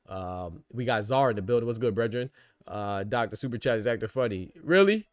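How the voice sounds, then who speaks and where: Casual low-voiced male boxing podcaster. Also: a little fast, dry recording, clean studio sound. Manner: casual, rambling, lots of fillers and "man". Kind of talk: live boxing commentary chat.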